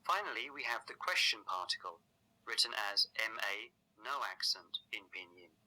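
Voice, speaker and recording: Bright-voiced man narrating a language lesson. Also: on the low side, lively intonation, low-quality recording. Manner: measured, explanatory delivery. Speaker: language teacher. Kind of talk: scripted instructional narration.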